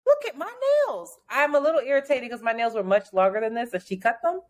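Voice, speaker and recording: A woman's voice: fairly high pitch, expressive, fast talker. A woman co-hosting a podcast in casual chat, laughing often and acting out voices when she tells a story. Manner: laughs often, acts out voices in her stories. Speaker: podcast co-host. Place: New York.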